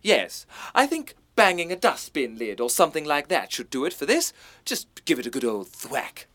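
A man's voice: on the high side, sing-song, normal speed, fairly bright tone, slight background noise. A man with a posh English accent playing a bossy, self-important amateur theatre director in a radio comedy. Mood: pompous. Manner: pompous, lecturing, self-important. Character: pompous, bossy middle-aged male director.

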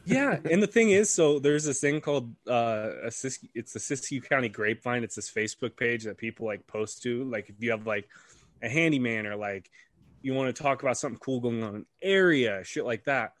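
A man's voice: mid-range voice, brisk, dry recording. Man telling a story, dry sound. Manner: animated, swears freely, acts out quoted voices. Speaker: podcast co-host. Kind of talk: casual storytelling.

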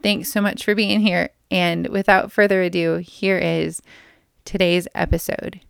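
A woman co-hosting a podcast in casual chat, reacting quickly and laughing often. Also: lowish voice, little pitch movement, gravelly, smooth. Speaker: podcast co-host.

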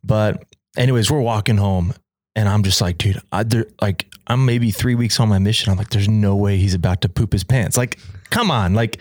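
A young man telling a story in a casual chat, animated and laughing often as he acts out quoted lines. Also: fairly low pitch, normal speed, dry recording, studio quality. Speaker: podcast guest telling a story.

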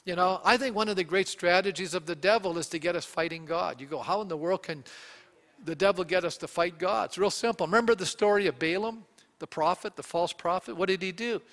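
A male pastor preaching a sermon, animated and often putting questions to the congregation. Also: sits high, brisk, big-room sound.

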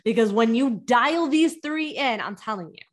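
A young adult woman hosting a podcast, coaching business owners in an energetic way and firing off rhetorical questions. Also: a little high, moderate pace. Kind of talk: teaching podcast talk.

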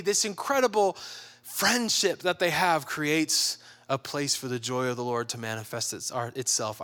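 A man giving a sermon who talks casually and acts out quoted people with lively shifts in voice. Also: mid-range voice. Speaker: pastor.

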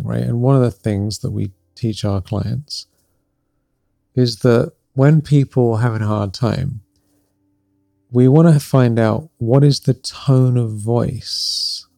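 Gravelly, mellow-voiced man teaching spirituality. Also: medium pitch, no echo, clean studio sound. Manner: gentle, reflective, warmly encouraging, laughs softly between points, often adds "right?". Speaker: podcast host and spiritual life coach.

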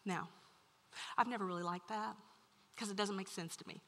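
A woman preaching a sermon to a room, telling a story with animated swings from loud to hushed. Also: mid-range voice, moderate pace, long pauses. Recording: long hall reverb.

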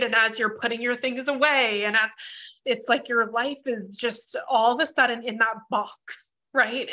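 A woman's voice: fairly high pitch, pushed and bright. A woman sharing her writing struggles in a group workshop, talking earnestly and emotionally with many fillers over a video call. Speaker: workshop participant. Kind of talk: casual group discussion.

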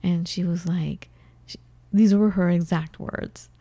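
A woman's voice: fairly low pitch, a little slow, no room sound. A woman co-hosting a casual talk show, telling a personal story and acting out conversations along the way. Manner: storytelling, animated retelling of conversations. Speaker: co-host. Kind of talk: casual chat.

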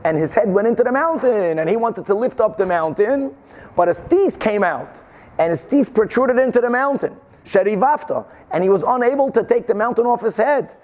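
A man teaching a Talmud class, explaining the Gemara with animated rhetorical questions and Hebrew and Yiddish terms. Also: sits high, normal speed. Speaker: Torah teacher.

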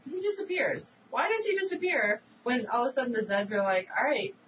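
A woman co-hosting a casual recap chat about a TV episode, animated and acting out characters' lines. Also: fairly high pitch, brisk. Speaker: podcast co-host. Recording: distant mic with audible background noise.

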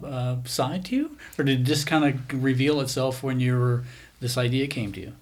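A man's voice: mid-range voice, animated, brisk. A man hosting a podcast, asking loose, rambling questions in a casual interview. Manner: asks rambling questions with restarts. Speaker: podcast host.

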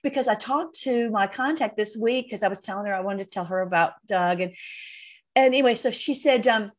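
A woman host talking casually to her viewers, rambling and emotional with deep thanks. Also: fairly quick. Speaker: online video host. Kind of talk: casual direct-to-camera talk.

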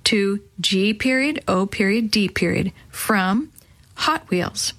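A woman's voice: medium pitch, expressive, takes it slowly, fairly bright tone. A woman voicing a curious, determined young boy in a children's audiobook, speaking eagerly.

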